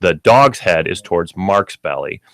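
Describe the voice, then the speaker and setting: Brief: male radio host and dog trainer, lowish voice, lively animated delivery, explains patiently step by step. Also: measured pace, no room sound. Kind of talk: instructive radio talk.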